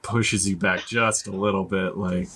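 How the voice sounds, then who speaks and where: A man's voice: sits low, fairly even intonation, unhurried, fairly bright tone. A man narrating a tabletop game as game master, casual and hesitant with many fillers, on a noisy recording.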